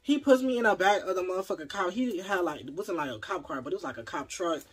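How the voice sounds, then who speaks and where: A young adult vlogger telling a personal story in a casual, animated, profane and dramatic way. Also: mid-range voice, quick pace, husky.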